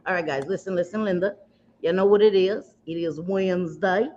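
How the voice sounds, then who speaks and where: Warm in tone and fairly low in pitch, a beauty streamer talks at a fairly quick clip while applying makeup. She rambles, jokes at her own expense, and addresses viewers with pet names. Slight background noise runs through the somewhat dull, lo-fi stream audio.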